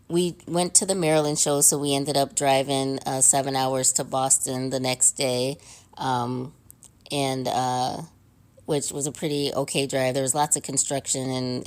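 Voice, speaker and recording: Woman, very deep voice, rambling casual recap full of fillers. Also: clear, resonant tone. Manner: rambling, many ums and uhs. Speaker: fan sending in a recorded story.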